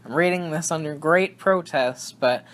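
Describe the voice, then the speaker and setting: A man's voice: on the high side, normal speed, fairly bright tone. Rambling young man on a podcast. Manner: rambling, self-interrupting, laughs often. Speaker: podcast co-host. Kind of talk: casual chat.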